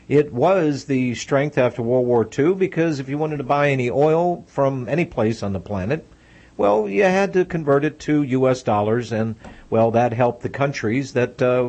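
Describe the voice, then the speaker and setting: A man's voice: mid-range voice, darkish tone. A man hosting a radio interview, talking in a conversational, wry way that builds to indignation. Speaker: radio host.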